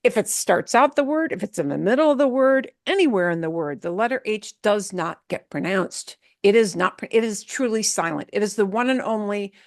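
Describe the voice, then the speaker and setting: A woman leads a beginner language class with patient, steady explanations. She says words slowly so students can echo them and often checks in with a quick "okay?". Her voice sits at a middle pitch and sounds close and dry. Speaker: Spanish teacher.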